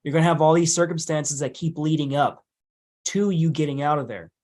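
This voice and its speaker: A man's voice: on the high side, fairly even intonation, a little fast, a little mellow. A man speaking as a podcast guest in casual conversation, emphatic and blunt, swearing casually as he makes his points.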